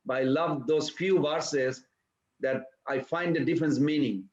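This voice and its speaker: A man teaches a scripture class in a high voice, telling stories animatedly and firing rhetorical questions at his listeners. The recording is echoey and lo-fi. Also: unhurried. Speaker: spiritual teacher. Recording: echoey room, dull lo-fi sound.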